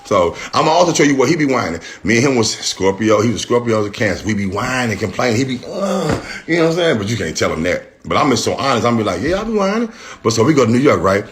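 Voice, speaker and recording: A middle-aged man on a phone livestream, rambling and heated, full of slang and swearing, who jumps into a higher voice when he mocks what others said. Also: expressive, fast, few pauses, slight background noise. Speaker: rapper responding on a livestream. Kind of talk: casual livestream rant.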